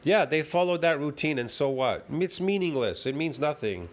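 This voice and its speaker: A man's voice: fairly high pitch, animated, normal speed. A man ranting heatedly and profanely as he reacts to a fitness video, repeating himself and swearing often.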